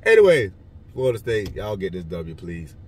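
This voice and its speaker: A man casually rambling through his football picks, joking and swinging between loud and quiet. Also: normal speed, far from the mic, a little hiss or hum. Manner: rambling, joking, lively swings in pitch and loudness. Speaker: vlogger giving football picks.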